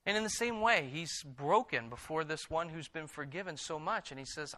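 A man's voice: a little high, expressive, fairly quick, hardly any pauses, pushed and bright. A man preaching a sermon, reading scripture aloud and then exhorting his congregation with emphatic repetitions. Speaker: pastor.

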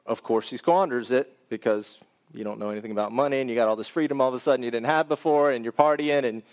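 A man's voice: medium pitch, quick pace. A man preaching a sermon, reading scripture and then explaining it in a conversational way that speaks directly to the congregation.

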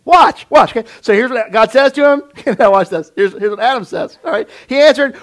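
A man preaching a conversational sermon, acting out voices of Bible figures and often dropping to a low, quiet voice. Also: fairly quick, few pauses. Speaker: pastor.

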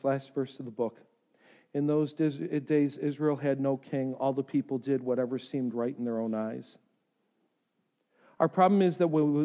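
A man's voice: high-pitched, darkish tone. A man preaching a sermon as pastor, earnestly acting out the pleas he quotes. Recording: echoey hall.

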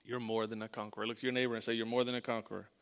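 A pastor preaches a sermon at a very fast pace in a mid-range, level voice. He is emphatic, repeating lines and dropping to a hush for weight.

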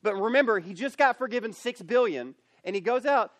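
A man preaching a youth camp sermon, storytelling and acting out characters in an animated way. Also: high voice, brisk, no echo. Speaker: youth pastor. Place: camp meeting space.

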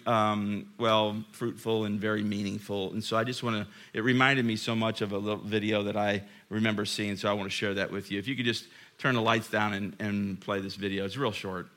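A man preaching a sermon in a church, chatty and self-deprecating, telling stories and sinking to a hushed, earnest tone. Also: lowish voice. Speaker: pastor.

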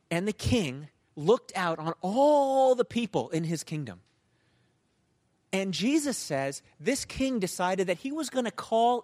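A male pastor preaching a sermon in a conversational, animated storytelling manner. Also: high-pitched.

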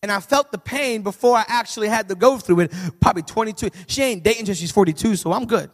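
Male pastor, sermon; lively comic storyteller who builds to shouts; high voice with long hall reverb. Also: fast talker. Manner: animated, humorous storytelling that swells into shouting.

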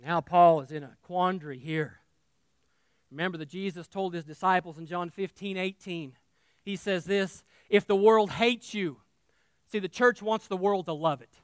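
A man preaching a sermon as pastor, passionate and folksy, swinging between shouting and hushed reading. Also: high voice, normal speed, clear, resonant tone, no room sound. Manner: folksy and emotional.

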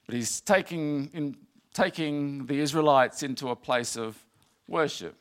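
A man's voice: mid-range voice, unhurried. A man preaching a sermon in an earnest, repetitive way, rising to emphatic passages.

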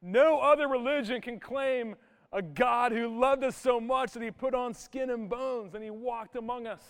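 A man's voice: very high-pitched, moderate pace, smooth, long reverb tail. A pastor in his thirties, preaching a sermon with impassioned emphasis.

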